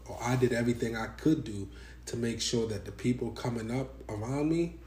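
A man's voice: medium pitch, brisk, darkish tone. A young man chatting casually in slangy, joking banter with a friend. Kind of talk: casual chat. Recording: echoey room, faint background noise.

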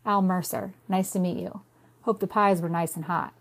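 A woman's voice: on the low side, steady tone, moderate pace. A woman reading a cocky, smirking young man. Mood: smug.

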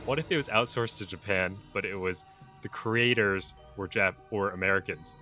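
Young man, podcast co-host, casual, thoughtful, sharp bright voice, faint background music. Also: low voice, normal speed. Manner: thoughtful, poses hypotheticals. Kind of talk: casual chat.

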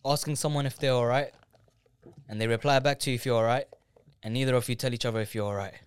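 A young man with a London accent in casual chat, telling animated stories, laughing often and acting out what people said. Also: mid-range voice, fast talker, smooth. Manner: animated storyteller, laughs often, acts out quotes.

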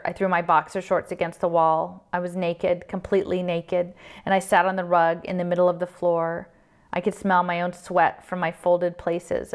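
A woman reading a novel aloud, with steady, subdued first-person narration. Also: lowish voice. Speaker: reader.

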